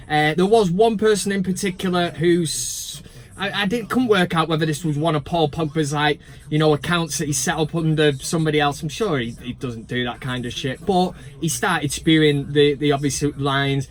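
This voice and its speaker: Male fan vlogger, raised pitch, sarcastic and sweary. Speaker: fan channel host. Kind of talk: ranting casual vlog.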